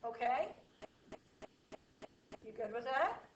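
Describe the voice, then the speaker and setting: A woman teaching math to a class, explaining slowly and checking often that students follow. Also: a little high, lively intonation, lo-fi sound, a little hiss or hum. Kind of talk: classroom lecture. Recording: echoey room from far off.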